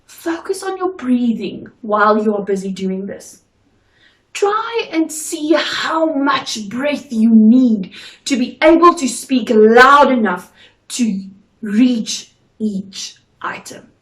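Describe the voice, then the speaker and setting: A woman gives a drama lesson in a slow, deliberate and instructive way. Her voice sits a little high and she speaks unhurriedly. The recording sounds roomy, as if the mic is some distance away. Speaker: drama teacher.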